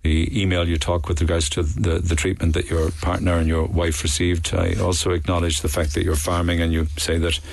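A man hosting a radio phone-in, talking in a sympathetic, measured way. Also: low-pitched, level tone, gravelly, a little hiss or hum.

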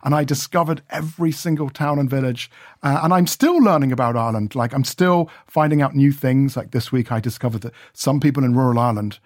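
A man's voice: mid-range voice, fairly quick, dry recording. A man chats in a radio studio, rambling through his stories with plenty of restarts. His voice sits mid-range and comes across close and dry, with no room sound. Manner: chatty, rambling with many restarts. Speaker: radio reporter.

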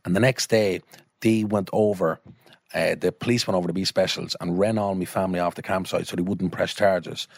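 Low-voiced Irish man, swearing storyteller, dry sound. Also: fairly even intonation, fairly quick, vocal fry, no room sound. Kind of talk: casual anecdote.

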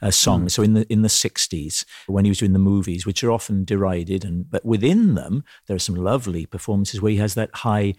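A Welsh man in his fifties, an animated guest chatting casually and slipping into impressions. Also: fairly low pitch, brisk, hardly any pauses, slightly rough, no echo, clean studio sound. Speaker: guest comedian. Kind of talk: casual conversation.

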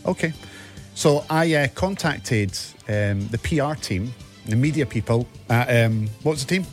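A man's voice: mid-range voice, expressive, a little slow, faint music behind. A Scottish man co-hosting a football podcast, chatting in playful, jokey banter. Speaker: podcast co-host and radio presenter. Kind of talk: casual banter.

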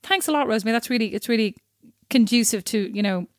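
A young Irish woman co-hosting a podcast, chatting casually with quick, self-mocking asides. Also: a little high, darkish tone, dry recording, studio quality. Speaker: podcast co-host. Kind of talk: casual chat.

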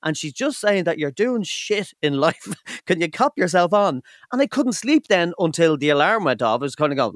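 Animated Irish man in his fifties. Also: on the high side, normal speed, no echo, studio quality. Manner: animated storyteller, swears freely. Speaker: podcast co-host. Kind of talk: casual chat. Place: studio.

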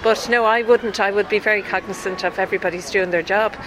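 A woman speaking calmly and reasonably outdoors. Traffic noise is clearly heard behind her. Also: medium pitch, quick pace. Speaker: passer-by, parent. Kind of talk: street vox pop.

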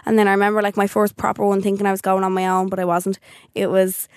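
A woman's voice: medium pitch, little pitch movement, quick pace, clear, resonant tone, dry recording, clean studio sound. A young Irish woman co-hosting a podcast, bantering and teasing in casual chat. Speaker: podcast co-host.

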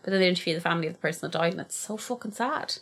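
A woman's voice: on the low side, very fast, husky. A young adult woman co-hosting a casual podcast chat, opinionated and swearing freely, with hesitant fillers. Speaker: podcast co-host.

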